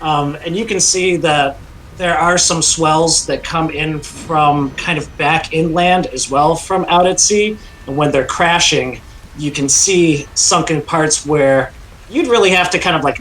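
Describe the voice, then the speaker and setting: A man's voice: a little high, measured pace, fairly bright tone, a little hiss or hum, rough recording. A man voicing a male halfling ship's lookout with thick mutton chops, who talks in a wary, hesitant way.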